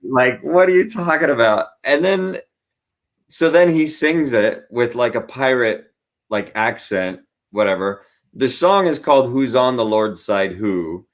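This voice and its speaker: A man, a guest comedian, chatting in an interview and telling stories with animated asides and quick voice impressions. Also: mid-range voice. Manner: animated storyteller who acts out voices. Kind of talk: casual interview chat.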